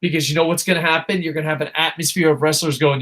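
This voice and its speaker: A man's voice: a little high, racing, few pauses. A man co-hosting a casual wrestling talk show, ranting with lots of swearing and acting out little quotes. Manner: profane, animated ranting with acted-out quotes. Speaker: podcast co-host.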